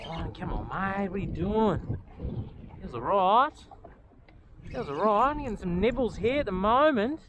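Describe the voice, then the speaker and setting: A man giving chatty, excitable commentary as he fishes from a small boat, talking to the fish and to his viewers. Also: high voice, a little slow, long pauses, muffled recording. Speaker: fishing vlogger. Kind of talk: casual commentary while fishing. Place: outdoors on a small boat on the water. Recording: outdoor boat and water noise.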